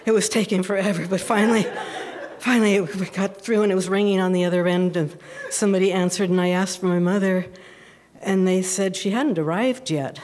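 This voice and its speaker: A woman's voice: medium pitch, moderate pace. Woman telling a personal story, laughing. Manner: animated, breaks into laughter.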